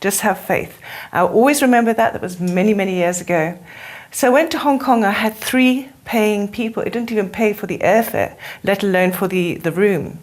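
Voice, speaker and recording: A middle-aged woman, a spiritual teacher appearing as an interview guest, speaks earnestly and tells stories in a conversational interview. She has a speech defect, and her medium-pitched voice moves briskly.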